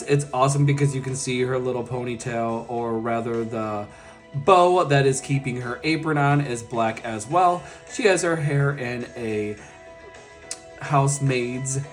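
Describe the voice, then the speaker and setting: Guy doing a toy unboxing, super gushy and excited, normal pitch, bit of soft music in the back. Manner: enthusiastic and gushing, lots of praise words. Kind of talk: casual unboxing commentary.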